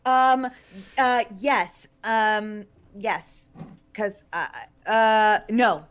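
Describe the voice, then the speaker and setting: A woman's voice: medium pitch, extremely slow, fairly bright tone, smooth. A woman player in a tabletop game who talks hesitantly and uses a lot of fillers.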